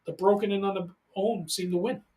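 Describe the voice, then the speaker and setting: A man in his forties hosting a casual podcast in a studio, an animated storyteller who gets loud when acting out quotes. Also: high voice, fairly quick, a crowd in the background. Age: 40s. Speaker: podcast host.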